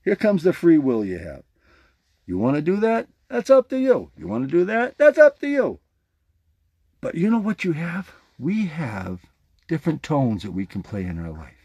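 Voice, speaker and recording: Male podcast host, husky and mellow, playful and animated in casual motivational talk. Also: fairly high pitch, moderate pace, no room sound. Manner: animated, playful, demonstrating a jaw harp.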